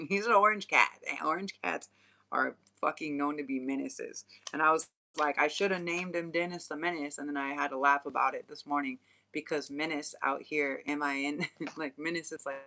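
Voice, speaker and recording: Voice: medium pitch, normal speed, sharp tone. A young adult vlogger chatting casually, laughing often and swearing freely in loose slang. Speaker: spiritual channeler and vlogger. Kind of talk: casual rambling chat.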